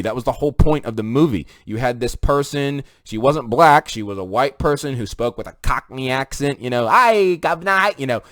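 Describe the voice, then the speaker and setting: A man's voice: mid-range voice, no echo. A man delivers an opinion monologue right into the camera. He talks with emphatic, preachy force and keeps turning to his viewers. His voice sits in a middle range, and the recording is dry and close. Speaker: commentary video host.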